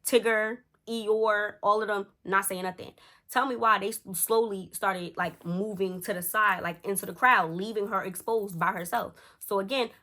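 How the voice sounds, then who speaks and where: A young woman tells a storytime to camera in a casual, animated way, acting out the quotes. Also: normal speed. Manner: animated, acts out quotes with shifting pitch. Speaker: storytime vlogger. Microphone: camera close up.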